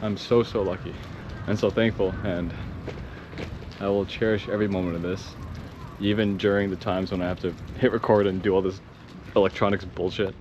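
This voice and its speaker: A man vlogging while traveling, casual and excitable, rambling and swearing. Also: low voice, a little fast. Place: outdoors and in temples while traveling. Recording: dull lo-fi audio with clear background noise.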